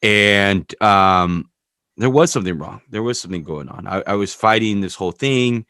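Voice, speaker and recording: A man hosts a podcast in a loose, rambling conversation, open about himself and quick to swear. His voice sits low and sounds dry and close, with no room around it. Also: pushed and bright, dry recording. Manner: candid, rambling, swears freely. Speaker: podcast host.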